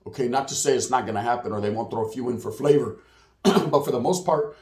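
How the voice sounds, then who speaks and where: A man hosting a casual street news monologue, slangy and streetwise, with a slightly hoarse voice. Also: medium pitch, fast. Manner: streetwise, slang-heavy, acts out quotes in put-on voices. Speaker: channel host, street news commentator. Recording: roomy echo.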